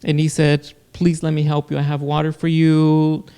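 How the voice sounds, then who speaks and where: A man's voice, fairly high for a man and held to a flat, even pitch. He tells a personal story earnestly in casual podcast talk, stopping and restarting his sentences. His tone is mellow and smooth, with some gravel. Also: normal speed. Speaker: guest, producer.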